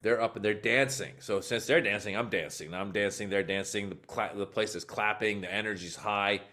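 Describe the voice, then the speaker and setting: A low-voiced man talks as a comedian guest on a podcast interview. He tells stories with animated energy and slips into the voices of people in them. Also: moderate pace. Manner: animated, acts out quotes in story.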